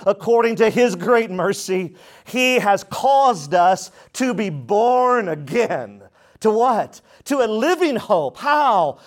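A man preaching a sermon as pastor, with emphatic repetition and questions put to the congregation. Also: high-pitched.

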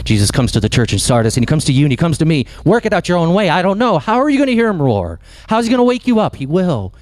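Impassioned male pastor with lively pitch. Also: dry recording. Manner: impassioned preaching, swings between loud emphasis and slow hushed lines. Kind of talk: sermon.

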